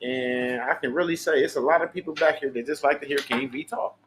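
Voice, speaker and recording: A man's voice: mid-range voice, fairly quick, background noise. A man, hosting a livestream and ranting in a profane, preachy, boastful way. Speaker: livestream host. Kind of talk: unscripted livestream monologue.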